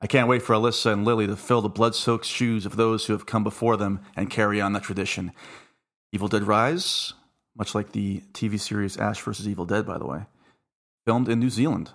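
A young man hosts a podcast in casual chat, talking in a loose, jokey way and restarting his sentences as he goes. His voice sits low, with a lot of gravelly fry running through it. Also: fairly even intonation, a little fast, a bit bright. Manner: chatty, jokey, self-interrupting. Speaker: podcast host.

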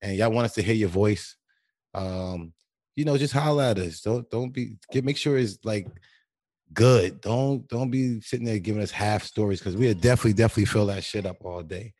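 A man's voice: lowish voice, fairly quick, a little mellow, no room sound, studio quality. A man hosting a podcast, telling stories in casual chat, profane and often laughing. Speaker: podcast host.

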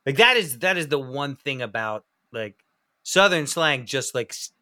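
A man from the American Deep South in casual podcast chat, laughing often between fillers. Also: normal speed. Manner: lively and laughing, many fillers. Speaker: podcast guest.

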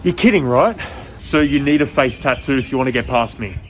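Man playing a deadpan pushy security guard. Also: medium pitch, brisk, slight background noise, close to an everyday voice. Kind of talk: comedy sketch acting.

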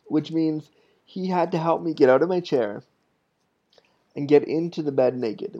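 Warm and mid-range, this thirtysomething man's voice carries a casual podcast monologue full of frank stories that poke fun at himself. The audio is on the dull side.

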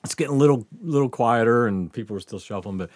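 A man's voice: medium pitch, fast talker, a little mellow, no room sound, clean studio sound. A man hosting a podcast, telling a story in casual chat, laughing often and swearing freely. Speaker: podcast host.

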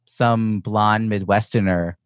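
A man's voice: fairly low pitch, fairly even intonation, takes it slowly, smooth, no echo, studio quality. A man hosting a podcast interview, chatting enthusiastically and casually, with lots of "like" fillers. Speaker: podcast host and coach.

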